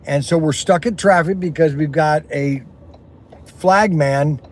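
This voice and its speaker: A man's voice: on the high side, measured pace. A man vlogging from inside his car, talking in a chatty, rambling way with folksy exclamations, recorded on a phone camera. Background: faint road and vehicle noise.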